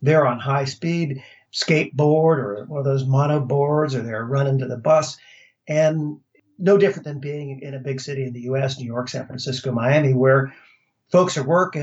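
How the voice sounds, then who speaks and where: A man from the United States talks easily, sharing experiences in an unhurried storytelling flow with occasional restarts. His voice sits at an ordinary middle pitch. The recording is slightly dull and lo-fi. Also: a little mellow. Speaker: interview guest. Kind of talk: casual conversation.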